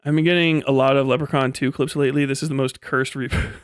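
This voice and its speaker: A man's voice: medium pitch, steady tone, fast, clear, resonant tone, no echo, clean studio sound. A man chatting casually on a livestream, laid-back, swearing often and laughing between remarks. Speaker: streamer.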